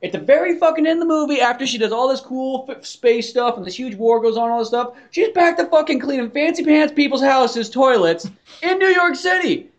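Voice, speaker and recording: A man's voice: very high voice, expressive, a little fast, hardly any pauses, muffled recording. A man co-hosting a podcast in casual chat. He rambles, swears freely and leans on "like" fillers. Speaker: podcast co-host.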